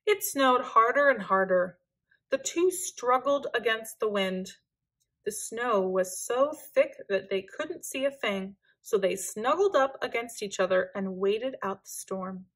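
Reading a picture book for children, a woman uses a soft, expressive storytelling style. Her voice sits on the high side.

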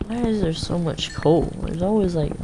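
A woman's voice: fairly low pitch, normal speed. A young woman streamer giving chatty, reactive commentary on her game, with casual mild cursing. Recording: noisy stream audio with clicks.

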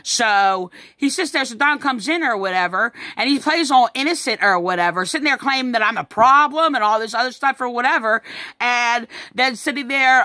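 Upset lady venting to camera, halting, lots of ums and sighs, bright tense voice, dry sound. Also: on the high side, no echo. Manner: halting, repetitive, with many fillers and sighs. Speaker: vlogger recounting a family incident. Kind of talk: distressed personal account to camera.

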